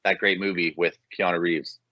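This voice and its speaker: A man's voice: low-pitched, steady tone, moderate pace, dry recording. A man co-hosting a casual sports betting podcast, chatty and self-deprecating. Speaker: podcast co-host. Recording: muffled lo-fi podcast mic.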